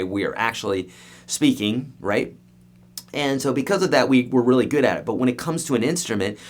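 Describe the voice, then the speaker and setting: Male guitar teacher, live online lesson, energetic and emphatic, mid-pitched, talks right at viewers. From United States.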